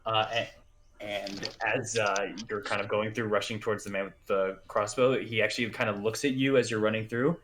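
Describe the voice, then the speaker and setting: A man narrating a tabletop game as game master, halting and full of fillers. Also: on the low side, steady tone, fairly bright tone, slight background noise.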